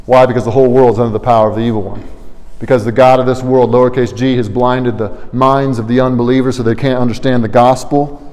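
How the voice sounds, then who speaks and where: A man's voice: medium pitch, steady tone, fast talker, darkish tone. A man preaching a sermon as pastor, earnest and explanatory, painting vivid word pictures. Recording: long reverb of a large hall.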